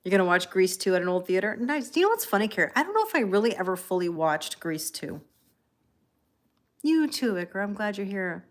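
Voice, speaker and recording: A woman hosting a tarot livestream in a calm, chatty way, reading viewer comments aloud and thanking people by name. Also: medium pitch, fairly quick. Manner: calm and relaxed. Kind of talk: casual livestream chat.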